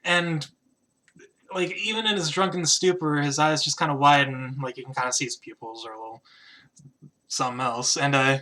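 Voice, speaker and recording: Bright-voiced male game master. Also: medium pitch, fairly even intonation. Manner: casual, halting narration with frequent fillers. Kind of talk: narrating a tabletop game.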